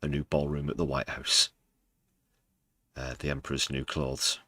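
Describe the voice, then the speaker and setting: A man's voice: extremely low pitch, completely flat delivery, normal speed, sharp tone, dry recording. A British man hosting a live news stream, dry and sarcastic, sometimes putting on mock emotion. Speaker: livestream news host. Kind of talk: casual live news commentary.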